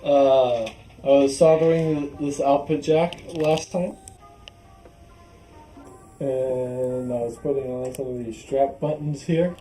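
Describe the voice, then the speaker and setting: A man's voice: mid-range voice, steady tone, slow, mellow. A man casually showing off a guitar, rambling with fillers and restarts as he talks. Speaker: guitar vlogger. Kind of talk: casual show-and-tell. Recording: echoey room, faint music.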